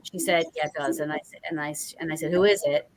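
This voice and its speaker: A woman's voice: sits low, steady tone, quick pace, poor audio. A woman hosting a paranormal talk show, chatting casually and rambling through a story with many fillers. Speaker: podcast host. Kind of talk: casual chat.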